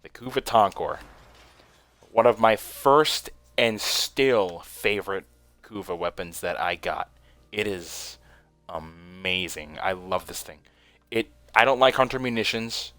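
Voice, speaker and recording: Excitable young man commenting on gameplay. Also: on the low side, measured pace, dry recording. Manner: excitable, laughs often, swears casually. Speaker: gaming streamer.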